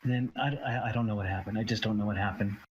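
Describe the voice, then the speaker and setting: A man's voice: lowish voice, steady tone, highs cut off, a little hiss or hum, lightly acted. A man voicing a dazed, confused young man who stammers and trails off. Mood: bewildered. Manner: halting, stammering, bewildered.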